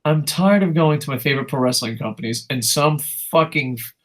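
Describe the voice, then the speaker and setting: A young man co-hosting a casual wrestling podcast, ranting in a profane, animated way. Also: fairly high pitch, a little fast. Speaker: co-host.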